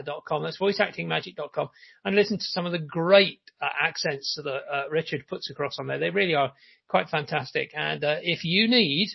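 A man's voice: a little high, vocal fry, muffled recording. A man hosting a casual interview podcast, chatty and full of fillers. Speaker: podcast host.

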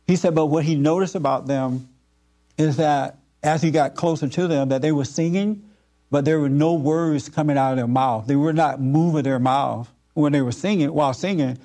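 Mellow, earnest man preaching to a group. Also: fairly high pitch. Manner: earnest, repetitive, halting with fillers. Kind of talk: informal spiritual teaching to a group.

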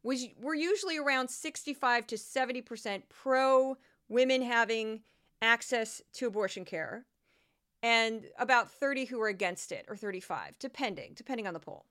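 A woman hosting a political commentary podcast, talking in an animated, indignant way and rattling off long lists with ums and uhs. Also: fairly high pitch, normal speed. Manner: animated, gets worked up and indignant. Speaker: podcast host.

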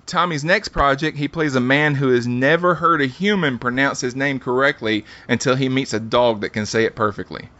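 A man's voice: mid-range voice, a little fast, few pauses, sharp tone. A man hosting a casual podcast, reading quiz setups and laughing often. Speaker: podcast host running a quiz game. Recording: dull lo-fi sound.

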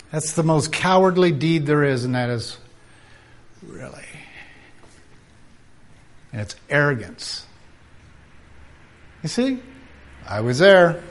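A man preaching at a conference, animated and acting out quoted voices, sometimes dropping to a whisper. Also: fairly high pitch, slow, long pauses. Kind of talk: conference sermon.

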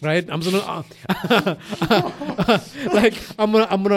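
A man co-hosting a podcast in casual chat, rambling and animated, swearing and laughing often, with a mixed accent that has a slight Eastern European tinge. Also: high voice, slow. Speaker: podcast co-host.

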